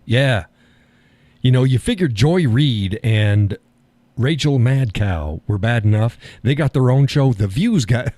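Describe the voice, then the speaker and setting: A man's voice: medium pitch, mellow, no room sound. An older man hosting a live stream, talking in a folksy, sardonic way and chuckling often. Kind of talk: casual political chat.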